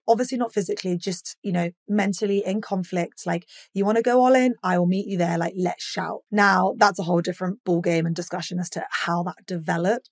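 A woman's voice: on the low side, no room sound, clean studio sound. A young woman hosting a solo podcast, talking frankly and animatedly, swearing freely and acting out quoted rants. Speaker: podcast host.

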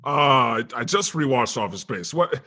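A man playing God as the host of a comedy podcast, chatting casually with deadpan, playful jokes. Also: medium pitch, normal speed. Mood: wry.

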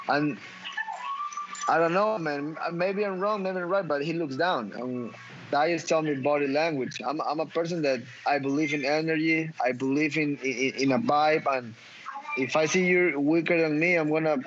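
Over music, a man with a fairly high voice talks at a moderate pace in a post-fight interview after his mixed martial arts bout. He's emphatic and foul-mouthed, tripping over and repeating words, on a dull recording with noticeable background noise.

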